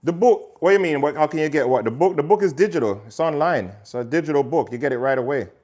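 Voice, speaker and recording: Quick-paced and lively in intonation, his voice sits on the high side with a darkish tone. The chef hosts a relaxed kitchen livestream, greeting viewers by name while cooking and promoting his cookbook.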